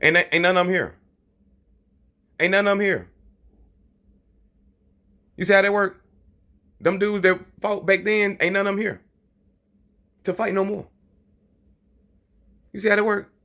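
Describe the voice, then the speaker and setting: A man's voice: high-pitched, steady tone, measured pace, pauses often, bright, forceful tone. A man delivering a heated, profane monologue about boxing, blunt and repetitive, often mocking others in quoted voices. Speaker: boxing commentator.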